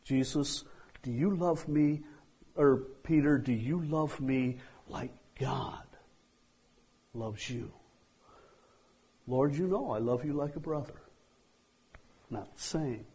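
A man preaching a sermon, slow and deliberate, acting out quoted dialogue and letting lines trail off softly. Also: mid-range voice, husky, poor audio.

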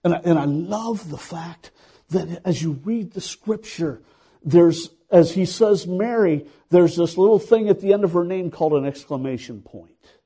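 A man's voice: high-pitched, lively intonation, measured pace, warm tone, slightly rough. A man preaching a sermon, retelling a scripture story dramatically and building to fervent emphasis.

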